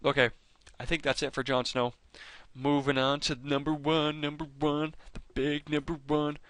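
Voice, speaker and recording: A man's voice: fairly high pitch, level tone, moderate pace, a bit bright, clear, resonant tone, no echo. A man hosting a fan video, chatting casually over clips with enthusiasm, rambling and often stopping to correct himself. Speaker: fan video host ranking characters.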